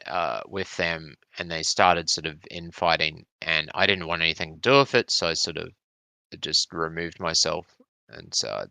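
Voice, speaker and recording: A man's voice: deep voice, gravelly, sharp tone, clear, resonant tone, no room sound. A man chatting casually, rambling through a long story with frequent swearing. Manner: rambling, swearing, explaining community drama. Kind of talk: casual chat.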